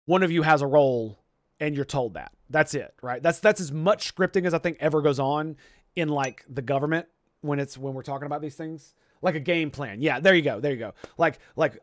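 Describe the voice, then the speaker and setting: A young man with a somewhat high voice, riffing in casual commentary. He rambles, swears freely and keeps restarting his sentences. The sound is dry and close. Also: no room sound. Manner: rambling, profane, many restarts. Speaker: streamer host.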